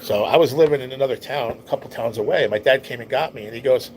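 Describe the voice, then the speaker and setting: A man's voice: mid-range voice, fast, darkish tone, slight background noise, rough recording. A man hosting a livestream, telling a personal story in a rambling, heartfelt way and swearing often. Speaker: livestream host. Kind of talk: casual storytelling to a live chat.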